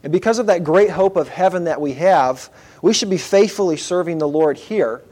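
A man delivering a sermon in a voice a little higher than most. He speaks earnestly but in a conversational tone, now and then turning to address the congregation directly. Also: moderate pace, a little mellow. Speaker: pastor.

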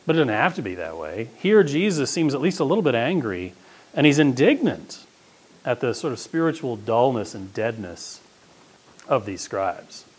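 A man's voice: mid-range voice, sing-song, moderate pace, breathy edge. A man preaching a sermon as pastor, talking in a conversational, emphatic way.

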